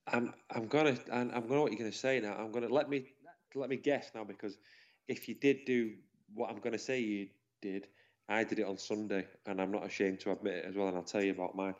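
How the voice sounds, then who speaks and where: A man, co-hosting a casual chat and telling stories warmly and at length. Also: lowish voice, steady tone, quick pace. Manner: chatty, rambling, emotional storytelling. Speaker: podcast co-host. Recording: dull lo-fi sound.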